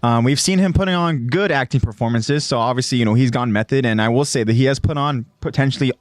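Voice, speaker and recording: A man hosting a podcast, talking casually and chattily, often checking in with "right?". His voice sits at an ordinary pitch. The sound is dry and close, with no room around it. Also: fast talker, dry recording. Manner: chatty, self-correcting, asks "right?". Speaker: podcast host. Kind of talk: casual chat, recapping an anime episode.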